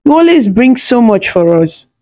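A woman voicing an affectionate young village husband who speaks softly in a storybook tale. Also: on the high side, sing-song, moderate pace. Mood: gentle. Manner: soft, gentle.

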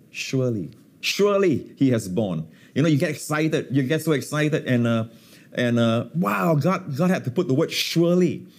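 A man preaching to his hosts in a lively, emphatic way. He leans hard on single words and repeats them, and he fills the pauses with plenty of uhs. His pitch sits in the middle for a man. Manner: emphatic, repeats key words, frequent uh fillers. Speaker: pastor and guest. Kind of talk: teaching sermon in a talk-show interview.

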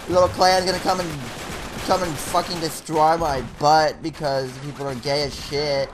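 A man's voice: on the high side, flat delivery, normal speed, noisy background. A young man ranting and swearing angrily while commentating live on a shooter game. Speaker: gaming commentator. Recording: music and gunfire behind.

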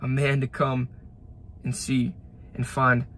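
A man's voice: medium pitch, monotone, slow pace, fairly bright tone, a little hiss or hum. A young man in his late teens gives an emotional spoken testimony, retelling events fervently with repeated phrases and restarts, outdoors by a roadside ditch. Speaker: young Christian giving a testimony.

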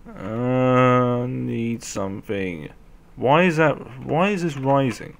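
A young man commentating a game as he plays, often shouting at zombies. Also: mid-range voice, slow pace, creaky. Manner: animated, often yelling at zombies. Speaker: gameplay commentator. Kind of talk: let's play commentary.

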